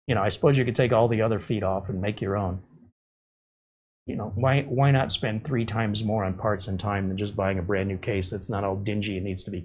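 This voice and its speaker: A man's voice: lowish voice, a little mellow, husky. A man hosting a casual livestream, ranting with exasperated sarcasm. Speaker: livestream host.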